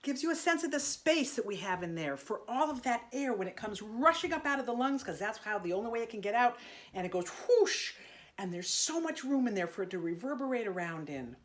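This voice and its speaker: A woman's voice: fairly high pitch, sing-song, brisk. A middle-aged woman teaching an online singing lesson, chatty and encouraging, breaking off into sung vocal exercises.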